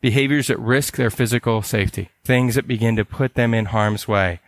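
A middle-aged counselor from California giving a conference talk in a conversational way. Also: male voice, medium pitch, steady tone, dry recording. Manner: conversational, acts out dialogue with quick voice changes. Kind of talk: conference presentation.

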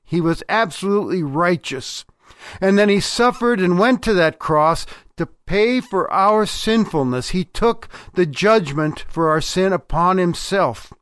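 A man preaching a devotional sermon in a slow, deliberate way, dropping at times to a low hush for weight. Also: expressive, clear, resonant tone, no room sound, studio quality.

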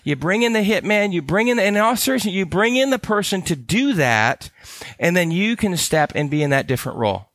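A man's voice: high-pitched, big pitch swings, fairly quick, a bit bright, no echo. Earnest man teaching in a dry close sound. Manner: earnest and conversational, with frequent restarts and repeated phrases. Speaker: ministry care trainer. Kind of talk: teaching talk.

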